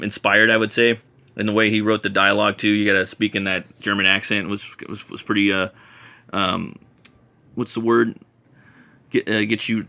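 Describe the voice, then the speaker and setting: A man's voice: lowish voice, vocal fry, sharp tone. A man casually reviewing comic books, rambling enthusiastically with many fillers and restarts.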